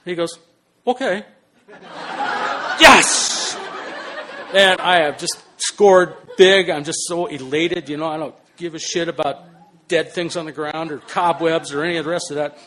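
An older man telling a personal story in an animated, swearing way, swinging between hushed and loud. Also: a little high, normal speed. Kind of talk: spoken personal anecdote.

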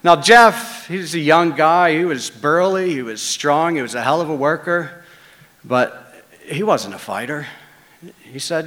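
A man's voice: on the high side, a little slow, fairly bright tone, long reverb tail. A man casually telling a first-person story, conversational and salty.

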